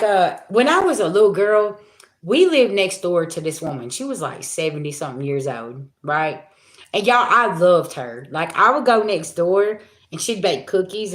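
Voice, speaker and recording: A woman giving a casual livestream talk as a spiritual reader, folksy and chatty, calling her viewers y'all. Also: on the low side. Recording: roomy echo.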